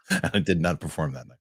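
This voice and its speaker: Lower-voiced man hosting a podcast. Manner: animated storytelling, excitable rants. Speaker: show host. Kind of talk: casual chat.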